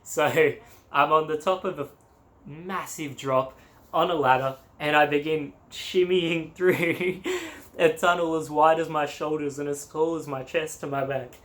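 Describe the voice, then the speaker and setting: A man's voice: a little high, steady tone, normal speed, a bit bright. A young Australian man, a travel vlogger, telling a story casually and animatedly, laughing and acting out quotes.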